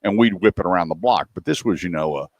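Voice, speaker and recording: A man's voice: low-pitched, quick pace, no echo, muffled recording. A man hosting a radio talk show, telling folksy stories about car buying and acting out the phone calls. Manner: folksy storyteller who acts out phone calls. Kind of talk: casual radio talk with storytelling.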